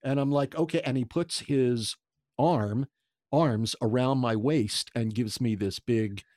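Sixties man, interview guest, excitable storyteller with stammered repeats, dry close sound. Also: medium pitch, unhurried, no echo. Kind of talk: casual anecdote telling.

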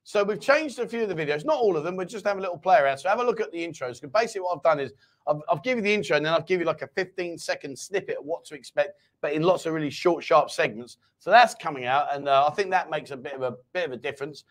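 Guy hosting a live chat show, jokey and teasing, voice on the high side. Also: expressive, very fast. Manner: teasing, jokey, reads viewer comments aloud. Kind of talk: casual live-stream chat.

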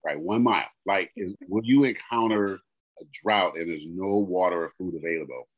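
A middle-aged man co-hosting a podcast, telling a long story in casual chat and getting animated and exasperated as he quotes the people in it. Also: deep voice, moderate pace. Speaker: podcast co-host. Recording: dull lo-fi podcast audio.

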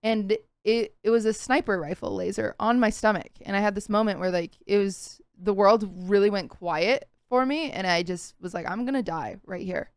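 Smooth-voiced young woman telling a story. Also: medium pitch, normal speed, hardly any pauses, no echo. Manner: earnest, vivid retelling with frequent "like" fillers. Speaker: podcast co-host. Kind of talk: casual podcast storytelling.

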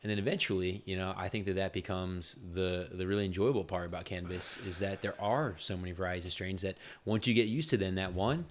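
A man's voice: deep voice, fast, hardly any pauses, a little hiss or hum. A young man co-hosting a podcast, easygoing and rambling, restarting his sentences. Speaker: podcast co-host. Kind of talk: casual chat.

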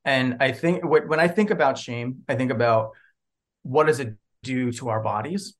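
A man's voice: mid-range voice, moderate pace. A man appearing as a therapist guest on a podcast, explaining thoughtfully and checking in with "right?". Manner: thoughtful, explanatory, many restarts and "right?" tags. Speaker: psychotherapist guest. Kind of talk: casual podcast interview.

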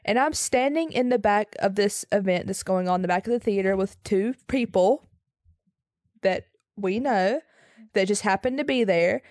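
A young woman, a podcast co-host, tells her story with a slightly raspy, hoarse edge and quick, animated asides. Her pitch sits mid-range for a woman. The sound is close and dry, with no room echo. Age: young adult. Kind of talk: casual storytelling chat.

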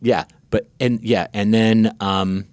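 Podcast host, male, lilt, lowish voice, halting and chatty storyteller. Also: steady tone, crowd noise. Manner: halting, many restarts and repeated words. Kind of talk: casual storytelling chat.

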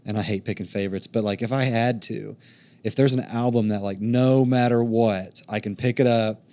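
A man's voice: on the low side, fairly even intonation, normal speed, mellow. A man who is a guest on a podcast, chatting casually and rambling, with many repeated words. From Oklahoma. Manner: rambling, repeats words, lots of fillers like "you know" and "man". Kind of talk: casual chat.

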